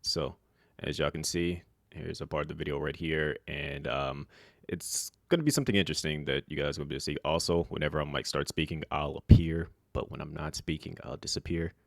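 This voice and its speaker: A man talking casually to camera as a vlogger, in a flat, monotone, rambling way. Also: extremely low pitch, brisk, vocal fry, dry recording, clean studio sound. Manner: self-described monotone, relaxed and rambling with fillers.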